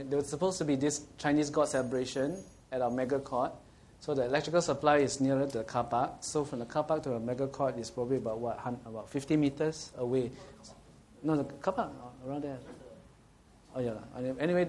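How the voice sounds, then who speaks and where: A man's voice: medium pitch, quick pace, darkish tone. A man preaching a sermon as pastor, mixing laughing anecdotes with scripture and asking the congregation rhetorical questions.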